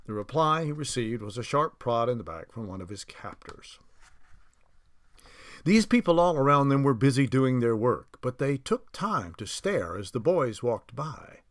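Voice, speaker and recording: A man narrating a novel aloud, reading unhurried with small slips and restarts. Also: medium pitch, very animated, no room sound, studio quality. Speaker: audiobook narrator.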